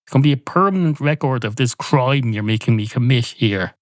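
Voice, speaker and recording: A man's voice: mid-range voice, expressive, a little fast, no room sound, lightly acted. A man voicing a cautious, rule-bound barman who frets about breaking regulations. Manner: fussy, worried about breaking rules.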